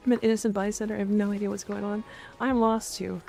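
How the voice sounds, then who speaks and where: A woman's voice: mid-range voice, level tone, fast, creaky, darkish tone, soft background music. A woman streamer chatting playfully with her viewers in a casual live stream.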